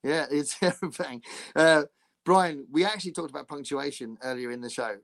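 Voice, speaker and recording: Fairly quick and on the high side, this Englishman's voice carries a casual podcast chat over a video call. He's chatty and animated, laughs a lot, and frequently begins his sentences again.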